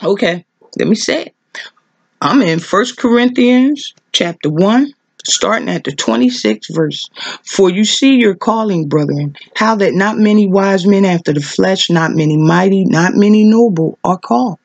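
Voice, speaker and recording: A woman preaching fervently in a vlog, hammering home repeated rhetorical questions as her voice leaps high with emotion. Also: lively intonation, measured pace, a little mellow, slightly rough, no echo.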